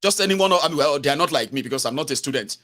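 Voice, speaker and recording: A man's voice: a little high, expressive, rapid-fire, sharp tone. A man with a Nigerian accent giving a mocking, emphatic political commentary, switching between Pidgin and English.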